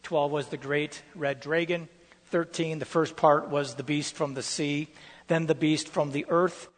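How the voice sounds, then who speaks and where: A man's voice: on the high side, fairly even intonation, unhurried. Male pastor, sermon, emphatic teaching, long hall reverb.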